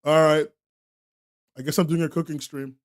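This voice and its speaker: A young man with a high, light voice, hosting a live stream and talking straight to his chat. He laughs often and throws himself into exaggerated, joking outrage. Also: little pitch movement, normal speed.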